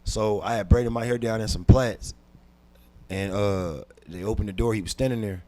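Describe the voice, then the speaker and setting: A man, a comedian guest on a podcast, telling a personal story intensely and dropping from hushed to loud, with frequent repeats and restarts. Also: on the low side, fairly even intonation, moderate pace. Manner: repeats words and restarts while recounting.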